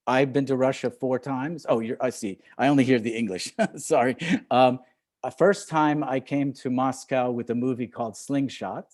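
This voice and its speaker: Here the older film director, a guest speaker, has a mid-range, darkish voice as he addresses an audience over a video call. The talk is relaxed but hesitant, with frequent fillers, restarts and the occasional chuckle.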